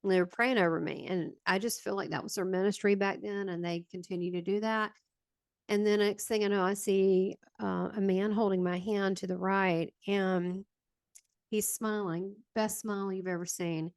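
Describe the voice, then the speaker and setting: A guest medium from the Southern United States, a woman with a Southern American accent, tells a personal near-death story in a meandering, hesitant way, full of fillers. Her mid-range voice is clear and resonant, with fairly even intonation at normal speed and no echo.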